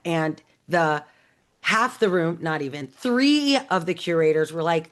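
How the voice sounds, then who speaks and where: A woman's voice: deep voice, animated, measured pace. A woman in her thirties telling a personal story in a casual talk, acting out quoted dialogue with many fillers. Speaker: AI educator.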